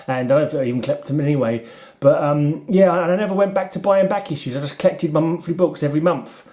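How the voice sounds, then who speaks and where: Rambling middle-aged British man, mellow. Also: a little high, quick pace. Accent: British English. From United Kingdom. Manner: rambling, self-deprecating, chuckles often. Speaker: comic collector vlogger. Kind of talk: casual chat while flipping through comics.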